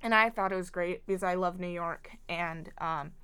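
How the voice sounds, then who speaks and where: A woman's voice: lowish voice, moderate pace, bright, forceful tone, clean tone. A young woman co-hosting a podcast, chatting casually with friends and dropping in plenty of "like" and "um". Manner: chatty, lots of "like" and "um". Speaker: podcast co-host. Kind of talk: casual chat.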